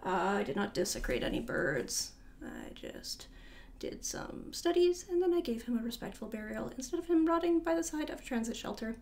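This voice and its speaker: A young woman with a fairly high voice gives a relaxed, chatty tour of her art sketchbooks. She rambles, trails off and corrects herself as she goes, keeping it informal and friendly. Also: normal speed. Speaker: artist showing her sketchbook.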